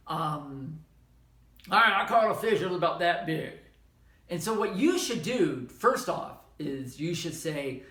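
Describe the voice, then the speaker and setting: A middle-aged man with a Southern American accent giving an informal, conversational history lecture, correcting himself as he goes. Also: fairly high pitch. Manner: conversational, self-correcting, animated asides. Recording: echoey room.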